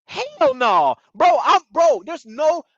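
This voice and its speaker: A man's voice: extremely high pitch, slow, no room sound. Worked-up guy ranting about a show, says bro a lot, dull dry lo-fi sound. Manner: excitable, slangy, repeats bro, stumbles. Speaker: reality show reviewer. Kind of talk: casual recap commentary.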